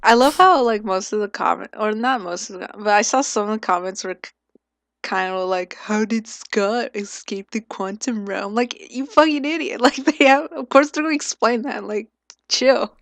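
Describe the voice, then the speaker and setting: A young woman with a gravelly, fry-heavy voice chatting on a podcast. She is blunt and teasing and swears casually. Her voice sounds dry and close to the mic. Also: on the high side, expressive, normal speed, fairly bright tone, no echo. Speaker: podcast co-host.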